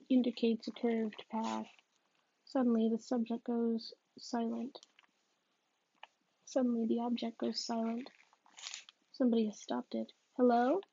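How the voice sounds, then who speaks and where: A woman's voice: fairly high pitch, dark tone, dull audio, slight background noise. A woman reading a novel aloud, hesitant and often restarting her sentences. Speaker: reader.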